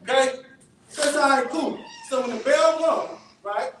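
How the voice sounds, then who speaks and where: A man's voice: extremely high pitch, moderate pace, fairly bright tone, a little hiss or hum. A man giving a conversational, story-driven sermon, checking in with the audience with frequent asides. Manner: conversational, asks the audience "right?" often. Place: church sanctuary. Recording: echoey church from far off.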